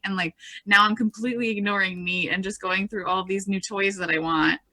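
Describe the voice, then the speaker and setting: A woman plays a tabletop game and slips in and out of character. She speaks hesitantly, often trailing off. Her voice is bright and sharp. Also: mid-range voice, steady tone, brisk. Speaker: player. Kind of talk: tabletop role-play, in and out of character.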